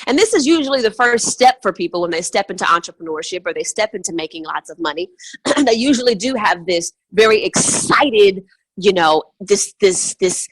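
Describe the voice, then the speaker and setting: A woman's voice: medium pitch, animated, moderate pace, slightly rough, no echo. A woman teaching as a money mindset coach on a call, emphatic and fond of repeating words for stress. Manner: emphatic, repetitive, chant-like stresses.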